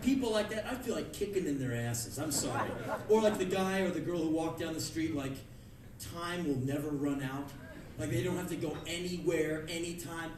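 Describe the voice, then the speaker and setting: A man in his thirties giving a sarcastic, ranting spoken word monologue on a club stage, acting out the people he mocks with sudden shouts. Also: a little high, a little fast, background noise. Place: large concert club stage. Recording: echoey live club recording from a distance, crowd laughter.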